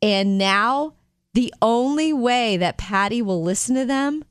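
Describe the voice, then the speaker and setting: A woman co-hosting a casual chat show, upbeat and quick to laugh as she introduces stories. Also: a little high, animated, clear, resonant tone, no room sound. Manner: upbeat, laughs often, teases co-host. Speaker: co-host.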